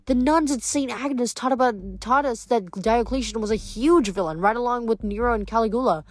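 A woman's voice: fairly high pitch, moderate pace, lightly acted. A woman reading the lines of a thoughtful, earnest young female demigod in a storybook reading.

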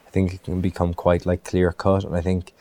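A man's voice: low voice, monotone, fairly quick, mellow. A man from Ireland, an actor, answering interview questions in a thoughtful way, with many restarts and fillers.

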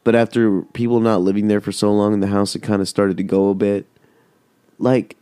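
Low, mellow-voiced man telling a rambling story. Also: level tone, fairly quick, clean tone, no echo. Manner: rambling and heavily profane. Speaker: podcast host. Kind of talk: casual storytelling.

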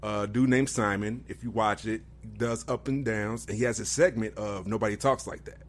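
A man co-hosting a casual wrestling podcast, lively and quick to mimic voices, dropping "man" and "bro". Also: lowish voice. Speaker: podcast co-host.

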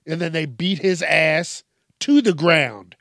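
A man's voice: a little high, expressive, slow, vocal fry, a bit bright, no echo, studio quality. A man hosting a podcast who reads out news stories and reacts with outraged, profanity-heavy commentary and emphatic repetition.

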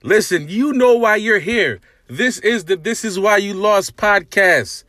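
Guy hosting a sports podcast, kinda high voice, slow and hyped, dry close mic. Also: no room sound. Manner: animated, hyped, talks straight to listeners and calls people out. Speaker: podcast host. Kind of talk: casual sports podcast rant.

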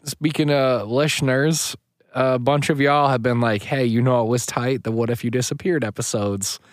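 A man from the United States co-hosting a podcast in casual chat, jokey, quick to laugh and swearing freely. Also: mid-range voice, steady tone, no room sound, studio quality. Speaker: podcast co-host.

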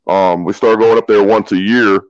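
A man's voice: fairly low pitch, fairly even intonation, normal speed, dry recording, highs cut off. A man co-hosting a casual podcast chat, speaking emphatically and repeating his points. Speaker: podcast co-host.

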